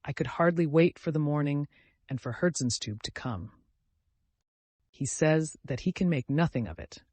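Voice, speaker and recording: A man's voice: fairly high pitch, no room sound. A man reading an audiobook, voicing an effusive, overwrought middle-aged mother who is easily upset. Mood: fretful.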